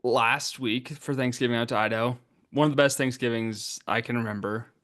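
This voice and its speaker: A man's voice: mid-range voice, fairly even intonation, brisk, a bit bright. A young man co-hosting a podcast in casual, joking chat. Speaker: podcast co-host.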